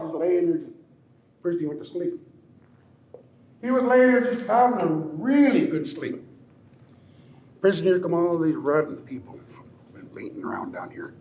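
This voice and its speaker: A man's voice: on the high side, a little mellow. An older man, a tribal elder, telling a traditional story in a playful, chuckling, teasing way. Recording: echoey room, faint ambience.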